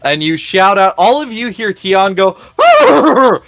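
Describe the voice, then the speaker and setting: A man's voice: high voice, normal speed, a bit bright. A man running a tabletop game as game master, making rulings and playfully describing the action.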